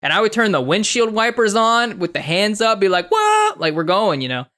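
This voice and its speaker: Bright, animated young man on a podcast. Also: high-pitched, a little fast. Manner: animated, profane storytelling with mimicked voices. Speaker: podcast co-host. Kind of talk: casual podcast chat.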